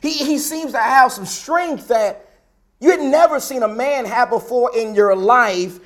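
A man's voice: very high-pitched, unhurried. A preacher delivering a sermon, an emphatic man who repeats his phrases and asks the listeners rhetorical questions.

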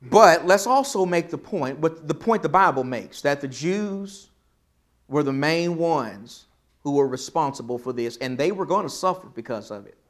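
A man with a somewhat high voice teaches a Bible class, stopping often to put questions to the group. He pushes key words out loud, then drops almost to a murmur to let a point land. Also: animated, normal speed. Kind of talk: interactive Bible study lesson.

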